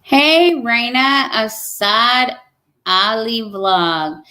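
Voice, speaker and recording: A young woman chats casually on a livestream, teasing viewers and laughing often. She speaks at an easy, slow pace. Her voice sits a little high. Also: very animated, bright, forceful tone. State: pregnant. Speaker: livestream host reading chat. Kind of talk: casual live chat.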